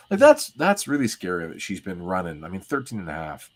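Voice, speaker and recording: A man chatting casually as co-host of a comic reading stream. He has a lower voice, talks in a relaxed way and breaks into laughter easily. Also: brisk, few pauses.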